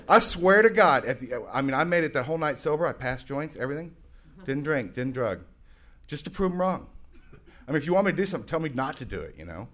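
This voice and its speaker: A man in his forties tells his recovery story to a meeting as a humorous personal testimony, poking fun at himself, rambling, and bursting into loud, excited quotes. His voice is medium-pitched and his pace quick.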